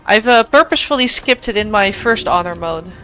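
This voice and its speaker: A young woman streamer talks through her game in a playful, chatty way and keeps turning to answer her chat. Her voice sits at an ordinary middle pitch. Faint game music runs quietly behind her. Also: animated, a little fast. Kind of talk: casual gameplay commentary.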